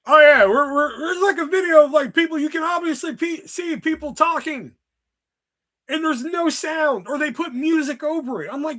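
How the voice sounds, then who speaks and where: A man's voice: very high voice, expressive, normal speed, sharp tone. A man streaming live, rambling in a casual, exasperated rant full of swearing. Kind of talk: casual profane livestream rant.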